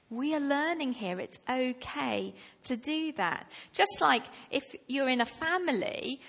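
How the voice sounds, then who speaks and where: Slow, emphatic woman preaching. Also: on the high side, fairly bright tone. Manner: slow and deliberate, rising to emphatic passages. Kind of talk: sermon. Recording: long reverb of a hall.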